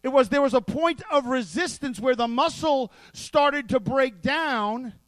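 A man with a strikingly high voice delivers a sermon, lively and playful, with asides folded into his points. The sound is dry and close, with no room around it. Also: unhurried, dry recording. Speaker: pastor.

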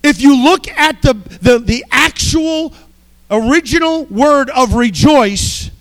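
A man preaching a sermon, fervent, swinging between soft passages and shouted exhortations. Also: extremely high pitch, takes it slowly.

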